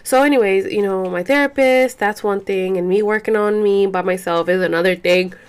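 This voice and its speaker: A woman's voice: mid-range voice, moderate pace, clear, resonant tone. Chatty, profane young woman vlogger. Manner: profane, rambling, code-switches into Spanish; frequent fillers and restarts. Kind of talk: casual chat to camera.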